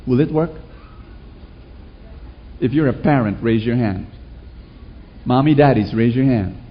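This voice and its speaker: In a muffled recording, a man preaches with a mid-range voice, a bit on the slow side. His sermon uses call-and-response, lively storytelling and rhetorical questions aimed at the congregation.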